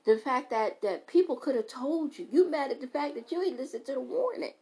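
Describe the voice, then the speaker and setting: A woman podcast host, giving an animated, preachy, comedic motivational monologue and laughing between lines. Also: sits high, a little fast, low-quality recording.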